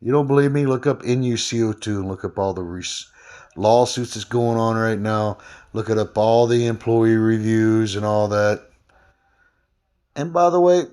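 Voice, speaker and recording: A man's voice: fairly low pitch, a little mellow. A man, a former delivery driver, speaking in a rambling, aggrieved casual vlog with many fillers. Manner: rambling, frequent fillers and restarts.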